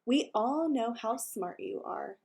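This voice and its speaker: A woman's voice: on the high side, animated, slow pace, creaky, darkish tone, exaggerated voice. A woman voicing a sulky, indignant schoolboy who is the older brother.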